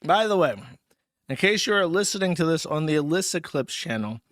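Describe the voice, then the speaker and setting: A man with a slightly higher voice riffs through crude, sardonic livestream commentary, a little tipsy and rambling. The sound is close and dry, with no room around it. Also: lively intonation, brisk, a bit bright, no room sound. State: tipsy from drinking. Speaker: streamer host.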